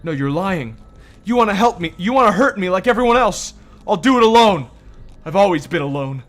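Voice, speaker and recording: A man voicing an unstable, paranoid young woman in a game, shrill and accusing. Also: sing-song, unhurried, a bit bright, soft background music, heavily acted. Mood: frantic. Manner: frantic, accusing. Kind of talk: reading game dialogue aloud.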